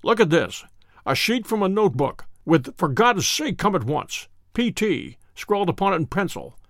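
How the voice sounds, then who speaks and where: A man voicing a confident, analytical male detective who speaks in a measured, precise way. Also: sits high, very animated, fairly bright tone, dry recording, studio quality, heavily acted. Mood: assured.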